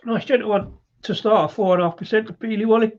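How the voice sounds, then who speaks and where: A man's voice: high-pitched, fairly even intonation, fast talker, a little mellow, dull audio. A British man hosting a live beer review, chatty and rambling with frequent laughs. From Britain.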